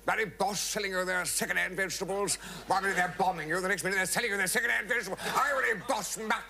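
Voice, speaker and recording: A man's voice: high voice, steady tone, quick pace, gravelly, bright, forceful tone, voice pushed up, full character voice. A man playing a blustering, xenophobic older Englishman who rants indignantly in a comic sketch. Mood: furious. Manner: spluttering, indignant ranting. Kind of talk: comic sketch performed within an anecdote.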